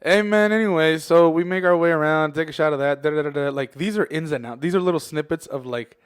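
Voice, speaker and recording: A man's voice: a little high, fast, clear, resonant tone. A young man co-hosting a podcast, telling a rambling, profane story and laughing as he goes. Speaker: podcast co-host. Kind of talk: casual storytelling chat.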